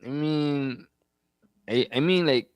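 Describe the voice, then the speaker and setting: A man's voice: on the high side, takes it slowly, smooth, no echo. A young man co-hosting a casual podcast, laid-back and slangy, laughing often. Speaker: podcast co-host.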